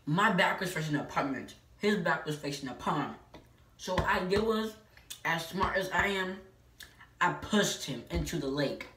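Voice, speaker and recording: A woman with a low voice tells a personal story to her viewers, emphatic and full of filler "like"s. She sounds some distance from the mic in an echoey room. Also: expressive, normal speed, a bit bright. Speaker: vlogger. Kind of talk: casual storytelling.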